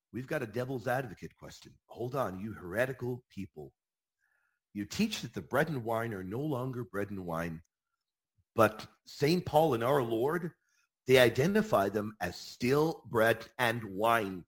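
A man hosting a Catholic apologetics talk in a preaching style, emphatic and animated, repeating phrases for emphasis. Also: a little high, husky.

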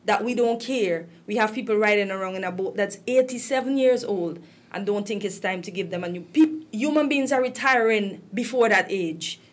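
Speaking with a Guyanese accent at a moderate pace, this woman from Guyana has a mid-range voice. She talks casually but with passion and indignation, her voice climbing as her upset grows.

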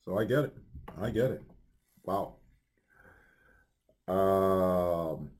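A Christian radio host with a low, darkish voice speaks slowly with long pauses, rambling casually with many fillers and restarts between upbeat announcements. He has the hiccups.

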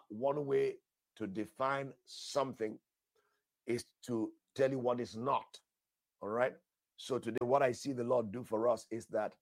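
A man preaching an emphatic, animated sermon, praying in tongues, repeating phrases and calling listeners "sir". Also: mid-range voice, no room sound.

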